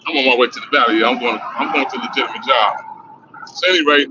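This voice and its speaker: On a livestream with dull, lo-fi audio and a little background noise, a middle-aged man from LA spins a meandering street tale full of cursing. His voice is medium in pitch and his pace is quick.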